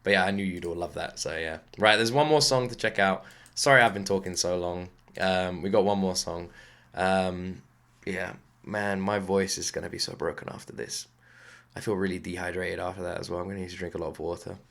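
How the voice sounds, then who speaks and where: A British man with a slightly low voice talks casually to the camera in his home office. He rambles excitedly, packing his stories with fillers like "like" as he hosts a music reaction channel. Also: a little fast, gravelly. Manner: rambling, excitable storytelling with lots of "like".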